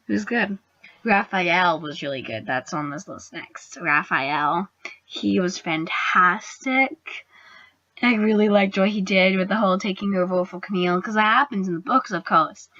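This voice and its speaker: Young woman, casual fan-review host, gushing and excitable; dry, slightly muffled home recording. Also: medium pitch, dry recording. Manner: gushing, excitable, drops into whispers. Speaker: booktuber reviewing a TV episode. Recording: dry, dull lo-fi sound.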